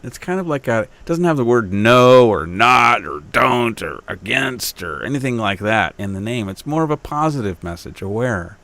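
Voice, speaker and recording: A man's voice: mid-range voice, expressive, moderate pace, few pauses, a bit bright. A man hosting his own podcast, telling a local story in a rambling, self-interrupting way, with an Upstate New York accent. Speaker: podcast host. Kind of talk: casual monologue.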